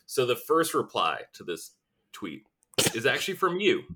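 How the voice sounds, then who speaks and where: A man's voice: medium pitch, big pitch swings, normal speed, sharp tone, slightly rough. A young adult man hosting a podcast, talking emphatically and profanely in casual chat, laughing often. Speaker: podcast host.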